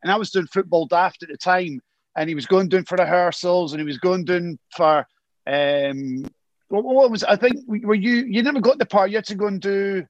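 A man's voice: high voice, normal speed, no echo, dull audio. A Scottish man hosting a football podcast, teasing and chatty in casual talk. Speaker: podcast host. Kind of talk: casual chat.

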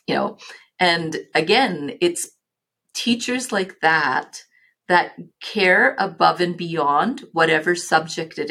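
A woman's voice: on the low side, fairly bright tone. A middle-aged woman from Canada, a guest on an interview podcast, recalling stories reflectively with frequent restarts and fillers. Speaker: guest, nonprofit leader. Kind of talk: reflective storytelling.

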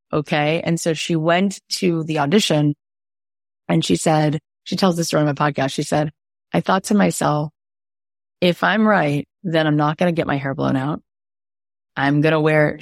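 A woman podcast coach giving an online workshop, telling stories with lively acted-out quotes and ending on an earnest inspirational note. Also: deep voice, no echo, studio quality. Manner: animated storyteller, acts out quoted voices. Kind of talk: motivational online workshop talk.

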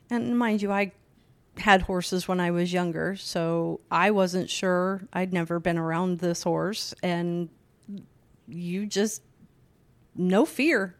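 A middle-aged woman, the host's mother, telling family stories in a casual chat with a measured manner. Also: lowish voice. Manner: measured, unhurried storytelling.

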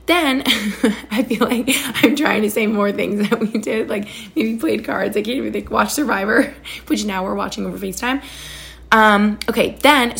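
A woman's voice: medium pitch, vocal fry. A woman in her thirties hosting a podcast in casual, bubbly chat, gushing and full of fillers. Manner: bubbly, chatty, gushing, lots of "like" and "oh my gosh". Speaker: podcast host.

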